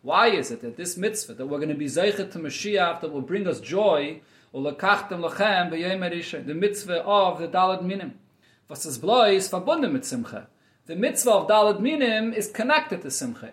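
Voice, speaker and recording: Male teacher, high voice, reads then explains line by line; roomy echo. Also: a bit bright. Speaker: Torah teacher. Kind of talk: text study class, reading Yiddish and explaining in English.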